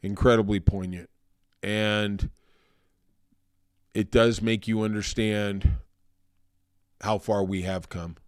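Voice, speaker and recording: A man with a lowish voice hosts a solo political podcast. He talks in a loose, conversational way that is also thoughtful and measured. The sound is dry and close, with no room echo. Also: fairly even intonation. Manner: conversational, thoughtful, turning somber. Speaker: podcast host.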